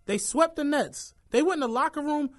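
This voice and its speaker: A man co-hosting a podcast, telling stories in a profane, excitable way and laughing as he goes. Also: very high-pitched, a little fast. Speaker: podcast co-host. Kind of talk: casual chat, animated storytelling.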